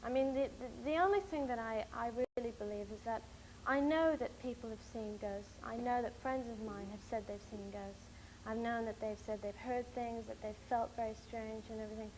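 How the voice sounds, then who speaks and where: A young woman from the United States being interviewed, telling stories in a rambling, animated way with many fillers. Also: on the high side, fairly quick, hardly any pauses, a little hiss or hum, low-quality recording. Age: young adult. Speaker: interviewee, documentary film-maker. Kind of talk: casual chat.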